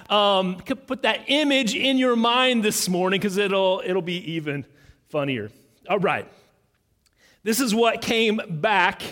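A man preaching as pastor, earnest and halting, with many fillers and restarts. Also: high-pitched, fairly bright tone. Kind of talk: sermon. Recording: long reverb in a large hall.

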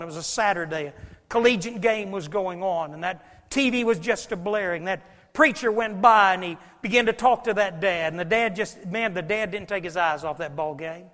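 A male preacher delivering a revival sermon and altar call, swinging from shouted climaxes to near whispers. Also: high voice. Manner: swells to shouted climaxes, then drops to a whisper. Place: church sanctuary. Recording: long reverb of a large hall.

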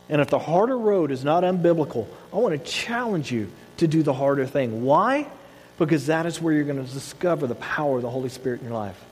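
A man in his thirties preaching a sermon, telling lively stories and acting out the voices of the people in them. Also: on the high side, long reverb tail, rough recording. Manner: animated storytelling, acts out voices of his son. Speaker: pastor.

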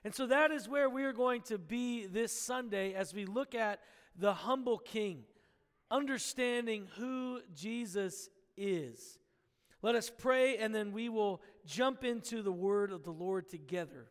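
Pastor guy from pennsylvania, super high voice, storytelling sermon, big echoey church. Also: a little slow. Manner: storytelling, lively, asks the congregation for agreement. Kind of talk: sermon with opening prayer and story. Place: church sanctuary.

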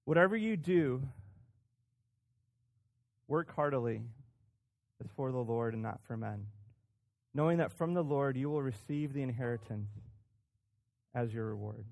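A man's voice: mid-range voice, animated, measured pace, gravelly, pauses often, a little mellow. Conversational male pastor preaching. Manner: conversational, self-deprecating, with frequent restarts and emphatic rises. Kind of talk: sermon.

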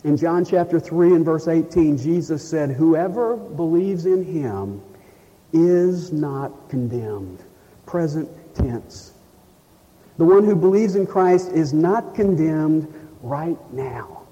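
A man preaching a sermon, emphatic, slowing down to read scripture. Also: a little high, animated, dark tone. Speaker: pastor. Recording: dull, lo-fi sound with long reverb in a hall.

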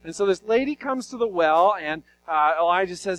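A man preaching a sermon, retelling Bible stories in an animated, conversational way. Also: high-pitched, normal speed, hardly any pauses, dull audio. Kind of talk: sermon storytelling.

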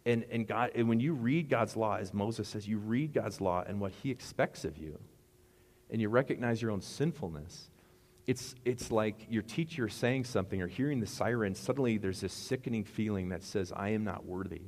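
A man's voice: lowish voice, normal speed, darkish tone, in a large hall. A middle-aged man preaching a sermon as pastor, rambling and conversational with asides.

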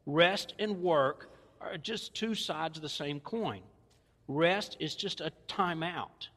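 A man's voice: a little high, expressive, takes it slowly, a bit bright. Southern preacher man in a big echoing hall. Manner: folksy, conversational preaching with playful asides. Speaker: pastor. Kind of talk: sermon. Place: church.

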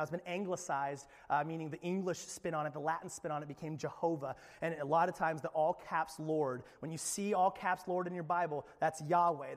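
A young adult male pastor preaching a sermon in an animated, dramatic way with playful asides. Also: a little high, long reverb tail.

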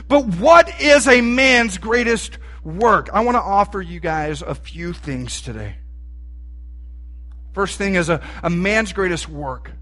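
A man delivers a sermon in a folksy, lively way, asking his listeners questions as he goes. His voice sits high for a man and sounds bright. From Texas. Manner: folksy and animated, asks the room questions. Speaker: preacher.

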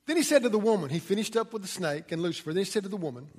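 A man's voice: high-pitched, expressive, very fast, few pauses, a little mellow, husky, long reverb tail. A middle-aged man preaching a sermon to his congregation, telling folksy stories with plenty of fillers and restarts. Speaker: pastor. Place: church.

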